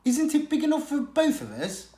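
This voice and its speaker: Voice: sits high, wildly swooping pitch, moderate pace, warm tone, pitched above the performer's own voice. A reader voicing a lost young male cat in a storybook, speaking in an eager, pleading way. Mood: earnest. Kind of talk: story reading to children. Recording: echoey room.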